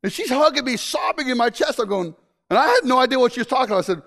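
A man preaching a sermon to a congregation. He jokes, bursts into shouts, and drops to hushed asides. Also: very high-pitched, rapid-fire. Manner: animated and joking, with sudden shouts and hushed asides.

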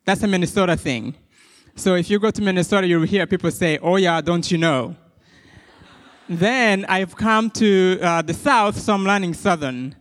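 A young man from Rwanda with a Rwandan accent, giving a personal testimony to an audience in a halting, friendly way with many fillers and restarts. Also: high-pitched, fairly bright tone. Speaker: guest speaker. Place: large hall with an audience. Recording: long hall reverb.

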